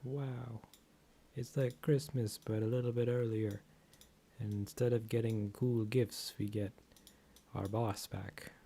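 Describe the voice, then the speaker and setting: A man voicing a relieved male underling in a slow, drawn-out, slightly raised voice. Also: mid-range voice, fairly even intonation, warm tone, slightly rough. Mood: wry.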